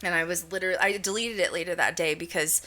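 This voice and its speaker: Bright-voiced chatty woman podcast host. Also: on the low side, quick pace. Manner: chatty, animated storytelling with frequent fillers and laughs. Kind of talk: casual chat.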